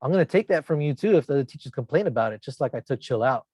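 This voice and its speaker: A man's voice: mid-range voice, animated, very fast, heavy background noise. A man, a teacher, telling rambling anecdotes in a casual podcast chat and acting out what his students said. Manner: rambling anecdotes, acts out quoted kids with shifts in tone. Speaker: podcast co-host, middle school teacher.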